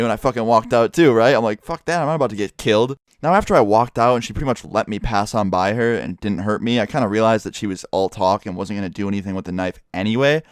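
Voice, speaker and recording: Young male vlogger, rapid profane storytelling, close and dry. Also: medium pitch, no echo. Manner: fast, profane, rambling storytelling with lots of "like". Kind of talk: casual storytime vlog.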